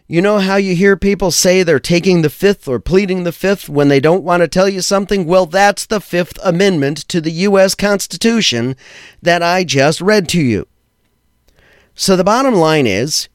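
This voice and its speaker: A fairly high-voiced man hosts a podcast, delivering blunt commentary with a sardonic bite and the odd swear. He slows down to stress the phrases that matter. The recording is close and dry, with no room sound. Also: expressive, no echo. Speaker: podcast host. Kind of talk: opinionated tech and law commentary.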